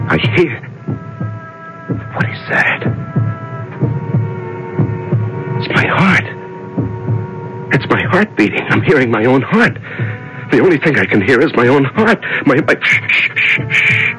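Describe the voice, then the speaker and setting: A man's voice: medium pitch, natural voice, low-quality recording. A man playing a stammering, terrified prisoner. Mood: whispering alone. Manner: panicky, stammering, pleading. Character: frightened male prisoner locked in darkness. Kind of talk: 1970s radio drama acting.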